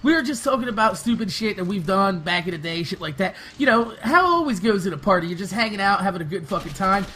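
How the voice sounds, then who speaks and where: High-voiced, profane young man rambling. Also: animated, fast, few pauses, pushed and bright, slight background noise. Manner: rambling, heavily profane, laughing often. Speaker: gaming video creator. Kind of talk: casual storytime over gameplay.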